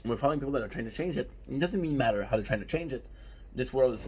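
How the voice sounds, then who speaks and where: A man's voice: mid-range voice, animated, racing, darkish tone, slight background noise. A man chatting casually and emphatically to viewers, often throwing in rhetorical questions. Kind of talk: casual anime talk to viewers.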